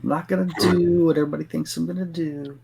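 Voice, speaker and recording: A man's voice: a little high, steady tone, quick pace, vocal fry, background noise. A man playing a tabletop game, chatting casually and joking with the group. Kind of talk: casual chat.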